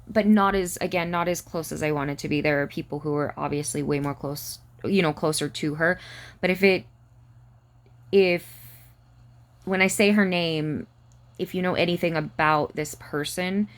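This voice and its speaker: A woman talking to camera in a personal vlog, halting and close to tears, with many fillers and restarts. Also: lowish voice. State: near tears. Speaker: vlogger.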